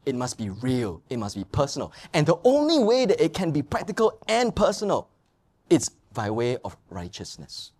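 A middle-aged male pastor preaching a sermon and telling anecdotes, mimicking people in high sing-song voices. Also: huge pitch swings, normal speed, darkish tone.

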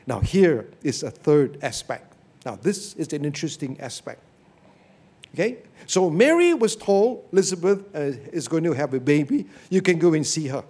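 A man preaching a sermon on a Bible passage, telling stories in an animated way and often checking in with "okay?" and "you see". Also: fairly high pitch, normal speed, slightly rough.

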